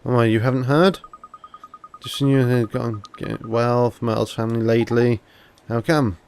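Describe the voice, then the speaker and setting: A man's voice: medium pitch, little pitch movement, normal speed, gravelly, a little mellow, slight background noise, natural voice. A man doing a gossipy old neighbor woman. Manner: gossiping, fussing. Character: gossipy older female neighbor.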